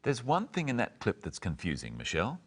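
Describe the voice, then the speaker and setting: A man's voice: medium pitch, a little fast, husky. A man co-hosting a scripted English lesson, expressively acting out example phrases and replies. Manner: expressive, acts out example exchanges. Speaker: English teacher, co-host.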